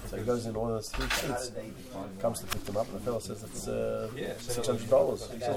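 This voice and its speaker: A man's voice: mid-range voice, flat delivery, brisk, vocal fry, a loud crowd. A man in the class telling an anecdote about a former teacher, heard faintly from far from the mic. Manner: storytelling, reminiscing. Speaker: class participant.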